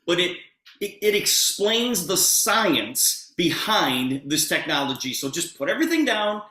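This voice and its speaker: A man pitching a product on a video call with eager, persuasive energy, speaking straight to his listeners. His voice is bright and forceful. The sound is roomy, with a clear echo around him. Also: sing-song, measured pace. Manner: eager, persuasive, addresses audience directly. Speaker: presenter.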